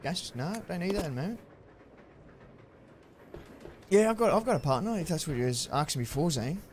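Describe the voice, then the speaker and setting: A young man chatting through a live-streamed game, excitable and prone to yelling thanks at viewers. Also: a little high, fast talker, slight background noise. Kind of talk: live-stream gameplay commentary.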